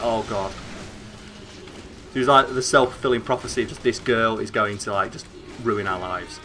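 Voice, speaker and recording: A young man with a northern English accent, chatting excitably and swearing as he streams a game, rambling with lots of fillers. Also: mid-range voice, a little fast, a little hiss or hum. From northern England. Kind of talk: casual gameplay commentary.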